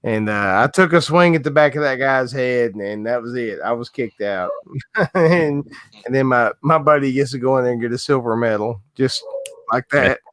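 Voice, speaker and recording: A man's voice: medium pitch, moderate pace, fairly bright tone, no room sound. A man chatting casually as a guest, laughing, swearing and checking in with "right?" as he tells a story. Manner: laughing, profane, keeps saying right. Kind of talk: casual chat.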